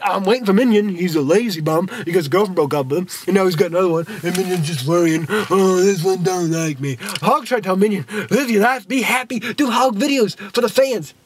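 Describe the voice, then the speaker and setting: A man's voice: sits high, husky, no room sound. A man casually reviewing a TV episode for his fans. He refers to himself by a nickname in the third person, in a goofy, folksy way.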